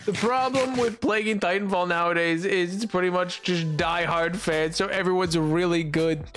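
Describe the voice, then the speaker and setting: A man's voice: high voice, fairly even intonation, moderate pace, noisy background. A man streaming a game, chatting casually with chat, joking, tripping over his words and laughing. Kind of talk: casual live-stream chat while gaming.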